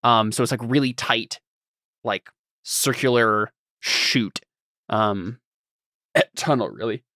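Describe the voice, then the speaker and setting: A man's voice: medium pitch, takes it slowly, bright, forceful tone, dry recording. Male game master, medium voice, rambling, word-searching narration, dry close sound. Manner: rambling, searching for words as he describes.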